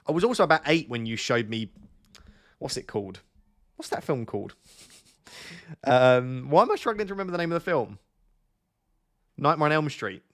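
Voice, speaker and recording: Chatty young streamer, mid-pitched. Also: male voice, sing-song, moderate pace, long pauses. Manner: chatty, jokey, thinks aloud and restarts. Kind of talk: live stream chat with viewers.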